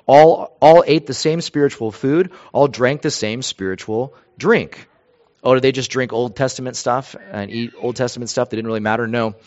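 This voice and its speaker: A man's voice: mid-range voice, moderate pace, a little mellow. Earnest man preaching, muffled sound. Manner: earnest, emphatic preaching with repeated phrases. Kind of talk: sermon.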